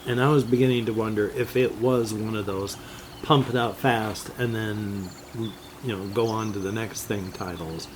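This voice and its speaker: An older man talking in a slow, rambling, casual monologue about games, drifting from topic to topic and chuckling now and then. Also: fairly low pitch, steady tone, background noise. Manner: slow, meandering, jumps between topics with chuckles. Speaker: gaming vlogger.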